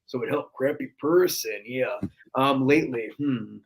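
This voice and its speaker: A man's voice: medium pitch, a little slow, gravelly, poor audio. A young man guest chatting casually on a podcast, often slipping into a brash, growly wrestler-impression drawl. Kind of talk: casual interview chat.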